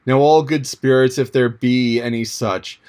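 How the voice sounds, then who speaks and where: A man's voice: medium pitch, steady tone, measured pace, a little mellow, lightly acted. A man voicing a frail, dying peasant woman in an audiobook, pleading in old-fashioned speech.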